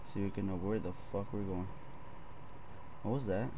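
A man's voice: low-pitched, fairly even intonation, moderate pace, noisy background. A young man commenting on a horror game for viewers, swearing a lot, jumpy, and addressing them as boys. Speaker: gaming streamer.

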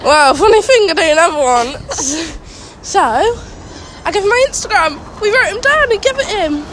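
A woman's voice: very high voice, expressive, measured pace, fairly bright tone. A young woman with an English accent, vlogging casually and chatting in a giggly, storytelling way. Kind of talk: casual vlog chat. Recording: crowd noise around her.

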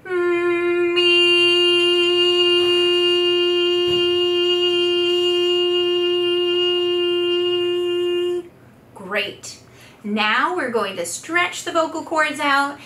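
A woman's voice: high voice, lively intonation, slow, bright, forceful tone, soft background music. A woman speech pathologist and singer teaching vocal exercises, with patient step-by-step instruction and sung demonstration notes. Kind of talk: guided vocal exercise lesson. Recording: echoey room, voice a bit far from the mic.

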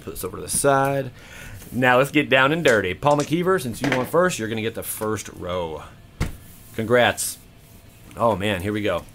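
A man hosting his own channel, opening card packs with excited, casual commentary, counting aloud and swearing freely. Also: fairly low pitch, a little hiss or hum. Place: home room.

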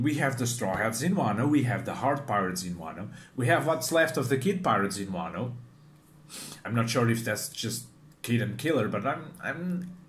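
A man hosting a casual reaction video, talking in a chatty, animated way and often restarting his sentences. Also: medium pitch. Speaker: manga reaction video host. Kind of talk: casual commentary.

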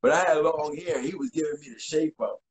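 Male guest, 40s, lively storyteller who acts out quotes, slightly high voice. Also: fairly quick, rough recording. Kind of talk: casual interview storytelling.

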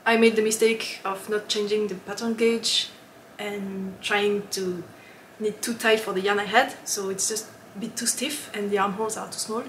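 A woman podcast host who lives in Switzerland chats casually, giggly and rambling, with frequent ums and laughs. Her mid-range voice has fairly even intonation and a normal speed with hardly any pauses, in roomy sound with faint background hiss.

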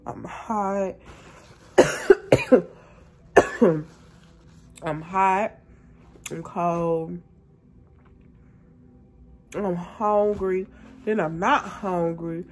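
Slow-talking sick woman. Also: on the low side, animated, breathy edge. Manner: colloquial, drawling, complaining. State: sick, coughing. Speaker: vlogger. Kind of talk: casual vlog talk to camera.

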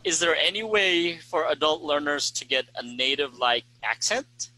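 A man co-hosting a panel discussion for English teachers, speaking in an earnest, steady way and putting questions to the panel. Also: fairly high pitch, moderate pace, no echo, rough recording.

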